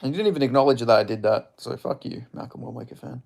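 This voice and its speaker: A fast-talking young streamer covers a live fight casually on a very noisy recording, his gravelly, creaky voice at a middling pitch. He reacts to the strikes, reads his viewers' messages out loud and swears without holding back.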